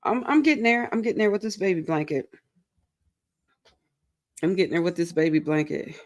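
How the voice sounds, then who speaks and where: A bubbly woman with a fairly low voice talks fairly quickly as she hosts a relaxed crochet livestream. She greets each viewer warmly, reads their messages aloud and chats casually. Though tired, she stays playful and self-mocking and giggles a lot.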